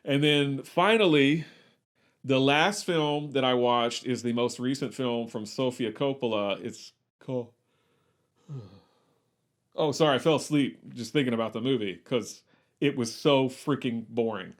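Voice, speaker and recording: A man's voice: medium pitch, a little slow. Rambling man on a movie podcast. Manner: rambling, self-correcting, wry. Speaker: podcast co-host. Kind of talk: casual movie podcast chat.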